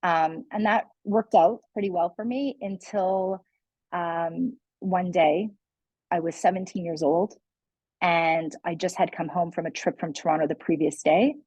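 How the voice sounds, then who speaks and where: A woman's voice: on the low side, fairly even intonation, unhurried, a little mellow, breathy edge, dry recording, low-quality recording. A young adult woman, a guest speaker, telling her personal story in a candid, earnest way with many "like" and "you know" fillers. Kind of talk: personal testimony in a conversation.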